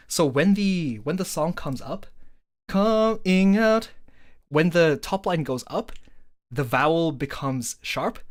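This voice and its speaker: A woman talking casually through how her song is written, enthusiastic and full of fillers, now and then singing short vowel patterns to show a rhythm. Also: deep voice. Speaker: songwriter explaining her song. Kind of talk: casual breakdown stream.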